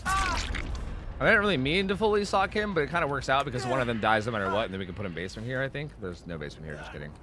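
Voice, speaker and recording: A man's voice: medium pitch, big pitch swings, fast, background noise. A young man from Pennsylvania streaming a video game, chatting casually and rambling with lots of fillers and swearing. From Pennsylvania, United States. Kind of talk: casual gameplay commentary.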